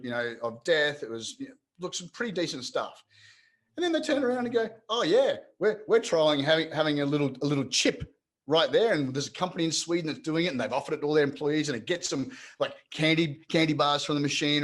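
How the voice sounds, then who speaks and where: A man co-hosting a casual podcast chat, animated, stumbling over his words and repeating himself as he rants. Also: a little high. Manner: animated, repeats words, mocks others in put-on voices. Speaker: podcast co-host.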